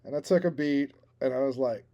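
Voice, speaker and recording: Mellow-voiced man telling a rambling story. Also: mid-range voice, a little fast, highs cut off. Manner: rambling storyteller, self-deprecating, laughs at himself. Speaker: podcast co-host. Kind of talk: casual chat.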